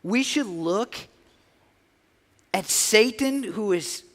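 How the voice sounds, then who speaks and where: In a church sanctuary full of long reverb, a man with a high, expressive, fairly bright voice preaches very slowly. As pastor he delivers his sermon earnestly and conversationally, restarting often.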